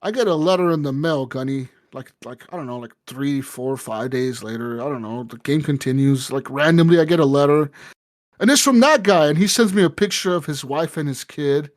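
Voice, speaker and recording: A man co-hosting a podcast, telling a gaming story in a profane, animated way and acting out the people in it. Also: fairly high pitch, fairly quick. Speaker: podcast co-host. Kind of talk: casual chat.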